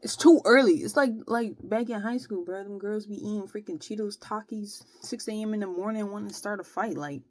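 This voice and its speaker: A woman's voice: mid-range voice, brisk, few pauses. A young woman tells her story in a loose, slangy vlog style. She keeps dropping in "bro" and "like" as she goes. The room sound is dry and close, with no echo. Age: young adult. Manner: slangy, animated retelling with frequent "bro" and "like". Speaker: vlogger.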